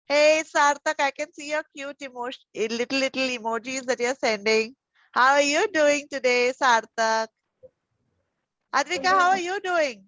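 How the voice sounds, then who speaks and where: High-voiced teacher coaxing small children. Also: female voice, normal speed, no room sound. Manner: gentle, encouraging, coaxing with endearments. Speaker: preschool teacher. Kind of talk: online class with young children. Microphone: video call. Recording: dull, dry video call audio.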